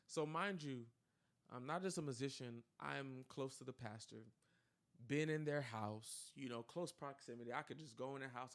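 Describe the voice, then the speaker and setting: A young man telling a personal story in casual chat, animated and full of fillers, acting out quoted dialogue. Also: medium pitch, clear, resonant tone. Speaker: podcast co-host telling his story.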